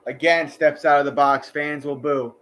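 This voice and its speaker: Male fan commentator, nervous and worked up, fairly high voice, loud outbursts on big plays. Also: steady tone, moderate pace. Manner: anxious, talks to the players, bursts out on big plays. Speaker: fan doing his own play-by-play. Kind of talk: amateur live play-by-play commentary.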